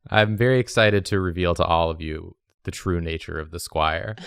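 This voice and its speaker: A man's voice: deep voice, very animated, measured pace, gravelly, a bit bright, clean tone. A man chatting and joking casually as a show regular, slipping into silly voices. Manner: playful, does silly voices.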